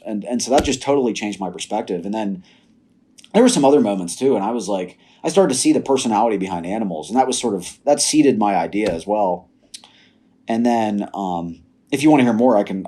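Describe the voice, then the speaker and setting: A fairly low-voiced young man speaks with a dark, husky tone. He tells a personal story in a casual, animated way. He slips into quoting himself and others as he goes. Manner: animated, laughs while telling stories. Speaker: podcast guest.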